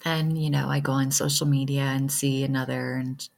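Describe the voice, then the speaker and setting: A woman speaking to her viewers in a halting, emotional way, close to tears, as a spiritual vlogger reflecting on loss. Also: very deep voice, flat delivery, creaky, darkish tone. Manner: halting, emotional, with many pauses and fillers. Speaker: spiritual vlogger, self-described light worker. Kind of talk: casual reflective talk to viewers.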